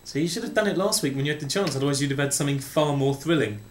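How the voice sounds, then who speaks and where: A man's voice: a little high, rapid-fire, a little hiss or hum. A young man co-hosting a podcast, teasing his partner in a dry manner. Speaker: podcast co-host. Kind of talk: casual banter. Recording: roomy echo.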